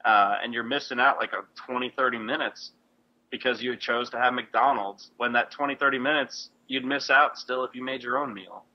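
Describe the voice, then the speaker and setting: A man's voice: medium pitch, moderate pace, highs cut off. A man co-hosting a podcast, chatting and teasing with lots of fillers over a call. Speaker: podcast co-host. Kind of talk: casual chat. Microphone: Skype call.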